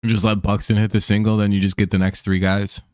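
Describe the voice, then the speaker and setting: A man's voice: on the low side, flat delivery, fast talker, a little mellow, smooth, dry recording, clean studio sound. A man hosting a live stream, chatting casually and offhandedly while calling the baseball count. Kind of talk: casual chat while watching a baseball game.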